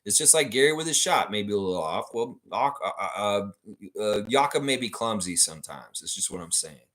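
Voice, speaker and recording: A lowish male voice at a moderate pace belongs to a fan livestream host. His delivery is animated and profane as he rants, picks out viewer comments to read and speaks directly to his audience.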